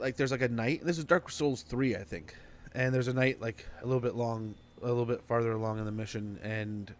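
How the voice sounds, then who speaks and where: A man's voice: medium pitch, quick pace, slight background noise. A man streaming a strategy game, giving casual commentary and rambling through a story with lots of fillers.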